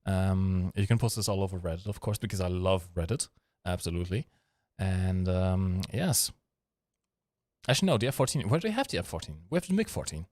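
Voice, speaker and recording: Guy streaming, kinda low voice, goofy rambly chat with lots of ums, dry sound. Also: animated, a little fast, darkish tone, dry recording. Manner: joking, rambling, with frequent fillers. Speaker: live-stream host. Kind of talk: casual live-stream chat.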